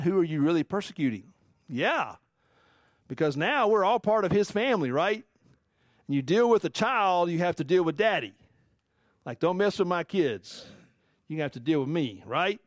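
A man's voice: high-pitched, normal speed, no room sound, clean studio sound. A man preaching a casual Bible-teaching sermon, talking conversationally and asking the listeners questions. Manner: conversational, animated, asks the audience questions. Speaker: pastor.

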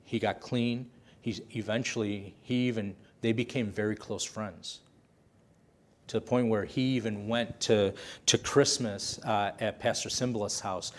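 A man's voice: lowish voice, fairly even intonation, a little slow. A man preaching a sermon, telling a story with passion and repeating phrases for emphasis.

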